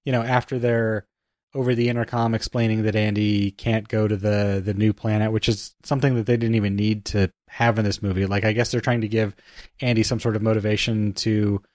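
A man's voice: on the low side, flat delivery, brisk, darkish tone, no room sound, studio quality. A man co-hosting a casual film podcast, speaking thoughtfully and hesitantly as he critiques scenes. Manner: hesitant, many fillers and restarts, thoughtful. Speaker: podcast co-host.

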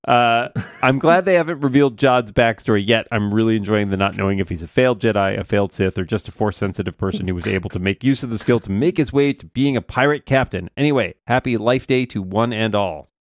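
A low-pitched man talks quickly into a close, dry studio mic. He co-hosts a casual podcast and reads listener mail with dry, wry asides. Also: no echo.

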